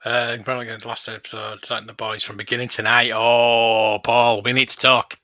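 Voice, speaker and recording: A man's voice: medium pitch, flat delivery, sharp tone, no echo, studio quality. A man co-hosting a livestream, chatting casually, eagerly jumping in and correcting his friend. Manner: eager, interjecting, quick to correct. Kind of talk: casual chat.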